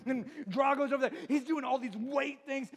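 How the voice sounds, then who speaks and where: Pastor, man, 40s, very high voice; playful crowd-work sermon, heavy hall reverb. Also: fairly even intonation, normal speed. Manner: joking, quizzes the crowd, laughs often. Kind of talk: humorous sermon intro. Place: large church auditorium. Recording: long reverb of a church hall.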